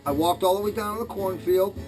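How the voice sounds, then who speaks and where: A man's voice: sits high, a little fast, over music. A man chatting casually to camera from his home workshop about hunting, telling stories and jokes in a folksy, rambling way. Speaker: hunting vlogger.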